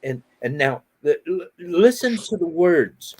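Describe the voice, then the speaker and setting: A middle-aged man hosting a casual outdoor chat, telling animated stories and laughing often. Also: a little high, a little slow, hardly any pauses, breathy edge. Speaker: host.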